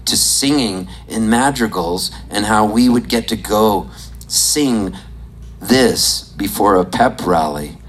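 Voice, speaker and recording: A performer on stage telling a rambling, excitable story, often breaking into laughter. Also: mid-range voice, slow pace, a little hiss or hum, rough recording. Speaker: comedian and musician on stage. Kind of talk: stand-up storytelling. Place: on stage at a desert venue.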